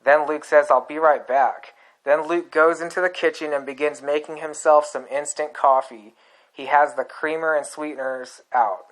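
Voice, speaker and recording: A man narrating a screenplay aloud in a plain, unhurried, deadpan way. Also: fairly high pitch, poor audio.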